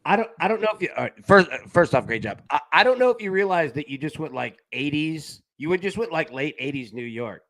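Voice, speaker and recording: Man, sports betting host, high voice, swoops in pitch, rambling, laughs a lot. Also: brisk, hardly any pauses. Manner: rambling, animated, laughs often. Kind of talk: casual live-stream chat.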